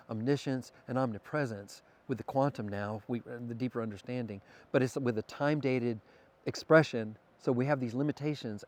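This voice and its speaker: A man's voice: mid-range voice, darkish tone. A man talking as a podcast guest, earnest and spiritual in manner, sometimes stammering as he thinks aloud. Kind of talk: casual conversation.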